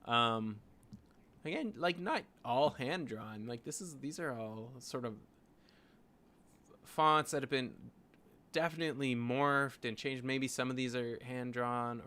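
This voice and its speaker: A man's voice: mid-range voice, sharp tone. A man with a Canadian accent, a graphic designer rambling casually as he talks through his design work, full of "like" and "you know". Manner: thinking aloud, rambling with frequent "like" and "you know". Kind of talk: casual screen-share design vlog.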